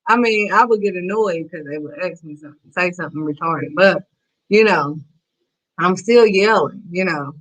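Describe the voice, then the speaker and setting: A woman's voice: fairly low pitch, normal speed, a bit bright, low-quality recording. A woman hosting a faith-based talk show, giving blunt, emphatic, preachy advice. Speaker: host.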